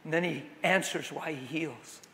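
A man preaching a sermon to a live audience, telling stories with lively acted-out voices and cries. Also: a little high, moderate pace. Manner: animated storytelling, acting out voices and wailing. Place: large hall with audience. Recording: long hall reverb.

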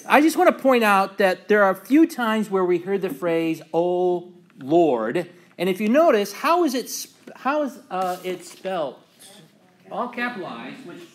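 Pastor, male, slightly high voice, relaxed Bible class teacher, loose and filler-heavy. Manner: relaxed, many ums and uhs, reads scripture aloud with emphasis.

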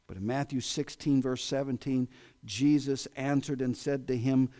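A man preaching a sermon in a church, with an American accent, swinging between loud exclamations and hushed asides. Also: mid-range voice, fairly even intonation, moderate pace. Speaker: pastor. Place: church sanctuary.

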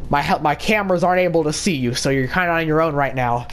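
A man's voice: fairly high pitch, quick pace, fairly bright tone, clear, resonant tone, close to an everyday voice. A man voicing a bossy, scheming cartoon candy princess in a Minecraft role-play, rambling with many fillers.

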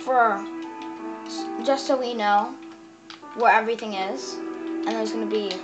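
Woman, game tutorial host, chatty, bossy, somewhat high voice, clear music behind. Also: steady tone, a little slow. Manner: chatty, bossy, shushing a friend while explaining. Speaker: gaming channel host. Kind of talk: casual gameplay tutorial. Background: background music.

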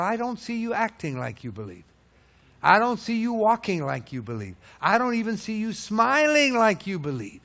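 A man preaching a sermon, firing rhetorical questions and swinging from loud peaks to low, hushed lines. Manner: emphatic, hammering rhetorical questions.

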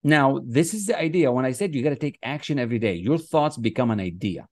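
A man leads a motivational masterclass with a middle-pitched voice, pressing his points with emphasis. He chants short affirmations over and over, and the sound is dry and close. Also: animated, fast talker, dry recording. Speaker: success coach. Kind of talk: motivational teaching. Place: online class, writing on screen with a mouse.

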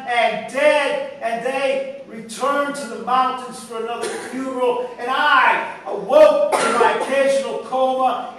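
A man with a strikingly high voice gives a spoken-word poetry reading, measured and solemn. He sounds distant from the microphone in a very echoey room. A faint hiss sits under his voice. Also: fairly bright tone. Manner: measured, solemn, unhurried delivery. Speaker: poet reading his work. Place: indoor live venue.

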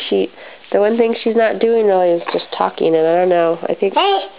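A woman's voice: medium pitch, brisk, gravelly, noisy background. A young adult woman chatting casually at home for a family home video, rambling a little with frequent ums. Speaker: mother filming a family update. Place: home living room. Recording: slightly dull lo-fi home video.

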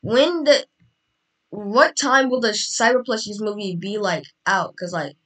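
A woman's voice: medium pitch, unhurried, a bit bright, distant mic. A woman chatting casually during a game roleplay, rambling with lots of filler words. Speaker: roleplay player.

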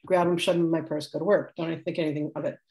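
A woman in her sixties with a low, mellow voice teaches a live spiritual class. She talks in a chatty, rambling way, laughing often and correcting herself as she tells stories. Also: flat delivery, very fast. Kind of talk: live class demonstration, casual storytelling.

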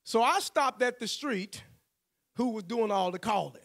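A man's voice: sits high, expressive, measured pace, vocal fry, fairly bright tone. A male pastor, telling a personal story in a sermon, acting out the voices he quotes and laughing often.

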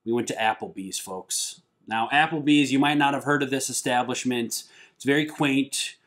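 A man's voice: medium pitch, moderate pace, a bit bright. A young man from Minnesota, a musician, chatting casually and joking with a friend, laughing often. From Minnesota, USA. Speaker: guest, musician. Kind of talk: casual chat.

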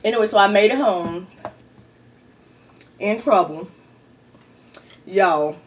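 A middle-aged woman vlogger telling a story in a chatty, animated way and often calling out to her viewers. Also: medium pitch, slow pace, distant mic. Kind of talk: casual storytelling.

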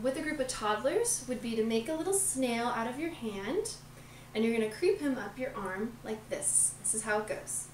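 A woman's voice: fairly high pitch, far from the mic, a little hiss or hum. A woman presenting a children's rhyme and explaining how to perform it, with some filler ums. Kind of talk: instructional demo with chanted rhyme. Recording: roomy, from off-mic, faint ambience.

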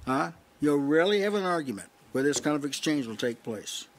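A man delivers a sermon in a conversational teaching tone, pausing to restart his thoughts and asking his listeners to see his point. His voice sits a little high for a man. He talks to a small gathering in a house church. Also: expressive, a little hiss or hum. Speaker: preacher.

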